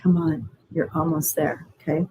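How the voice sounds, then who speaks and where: Woman, low-ish voice, casual rambling spiritual reader with restarts and blunt swearing, faint background hiss. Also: little pitch movement, moderate pace, mellow, poor audio. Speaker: spiritual healer giving channeled messages. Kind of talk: casual spiritual reading on a group call.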